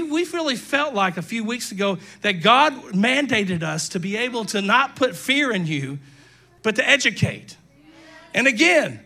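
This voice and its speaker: An older male pastor preaching a sermon, emphatic, breaking into shouts and quick asides to the congregation. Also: high-pitched. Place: church sanctuary.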